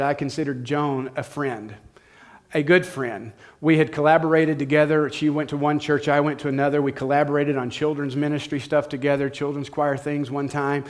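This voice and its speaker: Male pastor, middle-aged, chatty sermon storyteller, a little high. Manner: conversational storytelling, addresses listeners directly.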